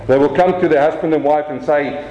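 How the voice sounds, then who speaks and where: A man with a South African accent preaching a lively sermon from the pulpit. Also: a little high, fairly quick, roomy sound, lo-fi sound. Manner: animated preaching, swings from quiet to raised. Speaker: pastor.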